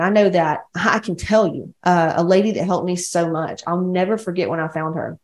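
Talking at a normal speed with hardly any pauses, this Southern-accented West Georgia woman has a fairly low, slightly mellow voice and a roomy sound. She's a podcast host and women's coach giving a casual monologue, blunt, rambling, and full of swearing.

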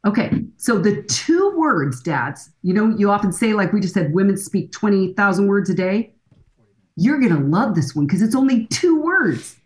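Lively, storytelling woman guest. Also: medium pitch, normal speed, poor audio. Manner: lively storytelling, acting out quoted voices. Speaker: guest expert on fathers and daughters. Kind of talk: podcast interview.

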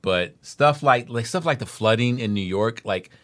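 A man hosting a podcast in a relaxed, joking conversation. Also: medium pitch, moderate pace. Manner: chatty, joking, storytelling asides. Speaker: podcast host. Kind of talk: casual chat.

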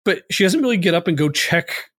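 A man with a slightly higher voice rambles through a casual movie podcast, full of "like" and "um." The sound is dry and close, with no room echo. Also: animated, a little fast, a bit bright, slightly rough. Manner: rambling, filler-heavy, lots of "like". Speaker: podcast host.

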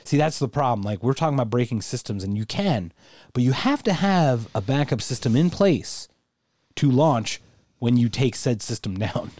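Dark-voiced man in profane, laughing banter. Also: mid-range voice, big pitch swings, normal speed, dry recording, studio quality. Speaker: podcast co-host. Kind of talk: casual chat.

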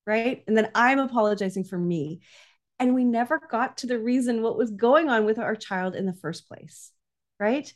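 This parenting coach has a mid-range, darkish voice and talks in an earnest, conversational way as a guest. She frequently tacks on "right?" while explaining.

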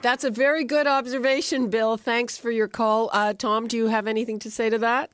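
Brisk female talk-radio host, dry studio sound. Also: on the high side, flat delivery, clean tone, dry recording. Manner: brisk, managing callers. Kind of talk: call-in radio hosting.

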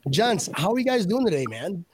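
A man's voice: sits high, sing-song, a little fast, a crowd in the background. A man hosting a podcast in casual chat, rambling and joking with many restarts. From Buffalo, USA. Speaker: podcast host.

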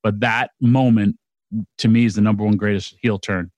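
A man's voice: fairly low pitch, fairly even intonation, normal speed, a little mellow, no room sound, lo-fi sound. A middle-aged man co-hosting a podcast, talking enthusiastically and rambling with many restarts. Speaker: podcast co-host. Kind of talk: casual chat.

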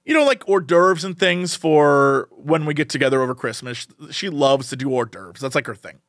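Animated high-voiced man telling a story. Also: normal speed, no echo, clean studio sound. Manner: animated, laughs often, acts out quoted people. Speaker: podcast co-host. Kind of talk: casual storytelling chat.

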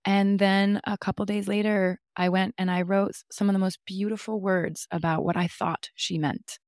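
A woman being interviewed about her child, a lively storyteller who talks openly and acts out the dialogue. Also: medium pitch, normal speed, dry recording, studio quality. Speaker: guest, mother of a nonverbal child. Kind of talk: casual interview talk.

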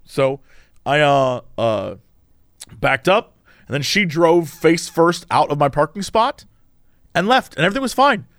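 A man hosting a casual chat, telling a story with lively, acted-out quotes and big pitch jumps. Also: measured pace, long pauses, no room sound, studio quality. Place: Los Angeles.

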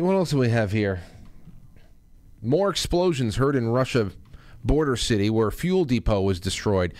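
A man's voice: mid-range voice, darkish tone, no echo. Man ranting sarcastically on his show. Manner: angry, insulting, sarcastic ranting. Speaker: host. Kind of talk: ranting political commentary.

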